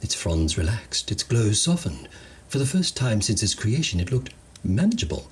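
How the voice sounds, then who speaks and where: A man narrates a comedic sci-fi tale in a low voice with a lively, wandering intonation. His delivery is wry and playful, like a storyteller relishing each line. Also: moderate pace, husky.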